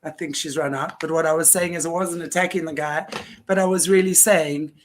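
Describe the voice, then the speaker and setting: A woman hosting a live-stream conversation, telling a story in an earnest, animated way. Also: deep voice, a little fast. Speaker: host.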